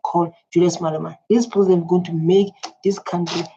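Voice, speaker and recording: A woman's voice: on the low side, steady tone, quick pace, dark tone, highs cut off. South african woman reacting to politics, repeats herself a lot, lots of ums, darkish voice, faint background noise. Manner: repetitive, emphatic, many fillers. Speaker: reaction video host.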